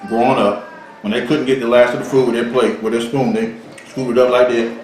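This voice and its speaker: This co-host of an eating vlog speaks fairly quickly with a flat, slightly mellow mid-range voice. He jokes and brags through his stories in relaxed mukbang chatter, recorded in a very echoey room with faint noise behind him.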